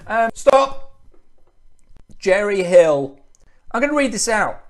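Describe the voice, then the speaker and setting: A man with a British accent reading out live-stream chat in a sarcastic, animated way, swearing freely. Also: very high voice, measured pace. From United Kingdom.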